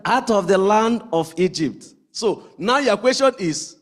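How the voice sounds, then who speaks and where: A man with a high, ringing voice preaches in a church. His words carry a long reverb that trails off through the sanctuary. He presses the congregation with question after question and repeats key phrases for weight. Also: lively intonation, measured pace, hardly any pauses. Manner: rhetorical questions, repeats lines for emphasis. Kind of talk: sermon.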